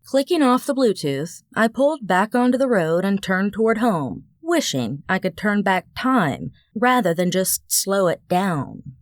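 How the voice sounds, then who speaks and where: A woman narrating a first-person audiobook with an expressive, wry storytelling manner. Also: mid-range voice, measured pace, dry recording, clean studio sound.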